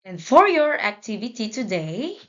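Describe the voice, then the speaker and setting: A woman teacher giving a children's English lesson, prompting read-alongs in a slow, deliberate way. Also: a little high, big pitch swings, lo-fi sound.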